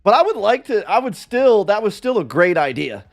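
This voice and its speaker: A man's voice: high-pitched, sing-song, a little fast, hardly any pauses, faint music behind. A man livestreaming in a casual chat, rambling and self-deprecating as he talks with his viewers.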